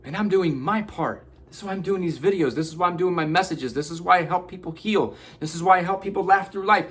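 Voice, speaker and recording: A man's voice: sits high, fast, a bit bright, breathy edge. A man giving an earnest, preachy motivational self-help talk, swearing casually. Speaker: motivational vlogger.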